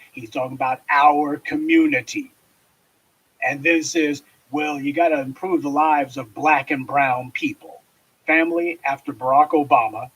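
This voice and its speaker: A man delivering a forceful, scornful political commentary monologue, lecturing his listeners. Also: a little high, husky, poor audio.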